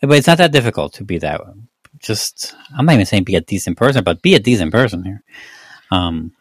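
A man's voice: fairly low pitch, big pitch swings, fairly quick, dry recording. A man from Mexico with a slight Mexican accent, hosting a casual movie-review podcast and rambling with lots of fillers. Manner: rambling, many fillers and restarts. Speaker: podcast host.

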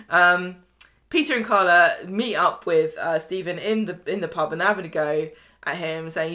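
A woman's voice: fairly low pitch, moderate pace, bright, forceful tone. A woman co-hosting a podcast, chattily recapping soap scenes in a casual chat. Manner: chatty, recounts scenes with quoted voices. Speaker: podcast co-host.

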